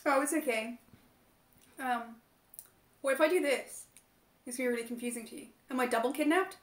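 A woman's voice: a little high, fairly quick. A woman chatting and giggling while eating soup on a livestream, talking with her mouth full. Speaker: mukbang co-host. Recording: roomy echo.

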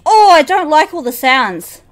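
A woman's voice: high voice, very animated, unhurried. A woman streaming a horror game, talking to her chat, jumpy and prone to shrieks and repeating herself. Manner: talks to chat. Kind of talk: live horror game commentary.

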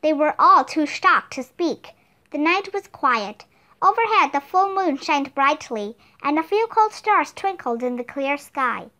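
A woman narrating a children's book read-aloud in an expressive, even-paced way. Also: high voice, measured pace. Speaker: storyteller.

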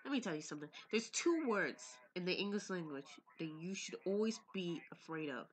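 A young woman with a fairly low, expressive voice speaks quickly while playing a horror game on her phone. She talks through her fear, pleading and often slipping into a whisper, in gaming reaction commentary picked up by a phone or laptop mic.

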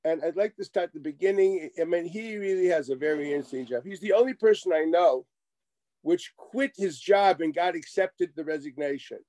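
A middle-aged man delivers a Torah lecture in a fairly high, mellow voice. He is animated and wry, acting out exchanges as he teaches. The sound is close and dry. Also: moderate pace, dry recording. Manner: animated, wry asides, acts out quoted exchanges. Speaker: rabbi lecturing.

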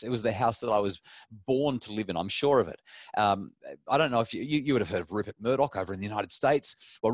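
Man telling lively parenting stories. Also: fairly low pitch, no room sound, studio quality. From Australia. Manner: animated storyteller with many restarts. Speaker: parenting expert. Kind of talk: talk to an online audience.

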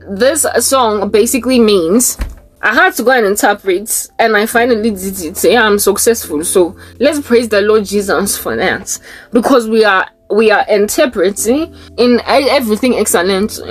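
A woman speaking as a Christian vlogger in a casual, rambling monologue, reading search results aloud and sometimes breaking into sing-song chanting. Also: fairly high pitch.

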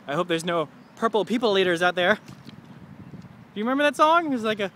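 A man in his twenties talks to camera in a rambling, self-mocking way and chuckles at his own jokes. His voice sits high and sounds bright and sharp. Faint city traffic hums behind him outdoors. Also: very animated, fast talker. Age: 20s. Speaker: vlogger. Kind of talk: rambling comedic video diary.

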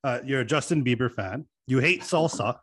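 A man from Canada hosting a podcast, chatty and quick to laugh in casual conversation. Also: medium pitch, animated, fairly bright tone. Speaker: podcast host. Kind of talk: casual chat.

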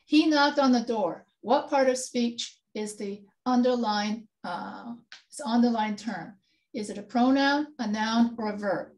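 A woman with a slightly high, darkish voice speaks at an unhurried pace. She's a writing instructor running an online grammar review class, patiently quizzing her students with questions.

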